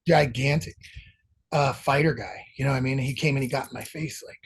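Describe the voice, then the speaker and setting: A middle-aged musician with a medium-pitched, gravelly voice talks a little fast as a podcast interview guest, with slight background noise. His storytelling is animated, rambling, and laced with profanity, in a casual interview setting.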